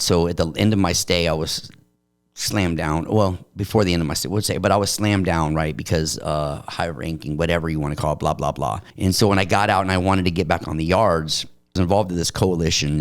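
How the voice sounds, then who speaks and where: A middle-aged man from Arizona, a podcast guest telling his story in blunt, streetwise, animated casual talk. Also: sits low, brisk.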